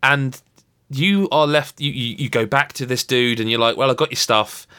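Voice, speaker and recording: A man's voice: medium pitch, normal speed, pushed and bright, smooth. A man in casual chat, rambling through a story with restarts and acted-out quotes. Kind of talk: casual chat about a video game.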